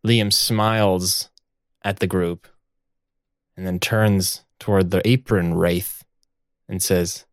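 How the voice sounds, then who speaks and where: A game master narrating scenes of a tabletop role-playing game in a measured storytelling way. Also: deep voice, fairly even intonation, no room sound, studio quality.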